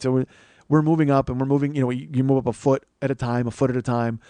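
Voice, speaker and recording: A man's voice: mid-range voice, steady tone, rapid-fire, a little mellow, smooth, dry recording. A man in his forties hosting a comedy podcast, telling a profane story and acting out the people in it. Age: 40s. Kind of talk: comic storytelling monologue.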